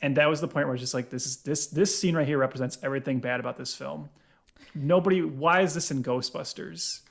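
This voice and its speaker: A man co-hosting a film-review podcast in a relaxed chat. His voice sits a little high, and he argues insistently with frequent rhetorical questions. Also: a little fast, creaky. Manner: critical, emphatic, lots of "like" and rhetorical questions. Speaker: podcast co-host.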